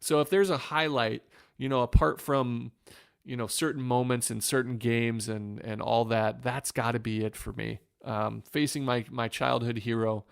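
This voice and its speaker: A man from Northwest Ohio, a former pitcher, telling an earnest story in an interview with many restarts. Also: fairly even intonation, normal speed, creaky, smooth, no echo, clean studio sound. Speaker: former pro pitcher, podcast guest.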